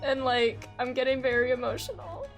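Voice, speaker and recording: A woman's voice: high voice, normal speed, soft background music. A woman streamer giving casual, emotional commentary on a story game, swearing casually.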